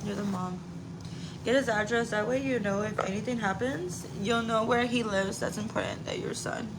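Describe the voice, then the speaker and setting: A woman's voice: fairly high pitch, moderate pace. A woman in her forties chatting on a live stream as a mother, candid and casual, swearing lightly and laughing often. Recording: noticeable background noise.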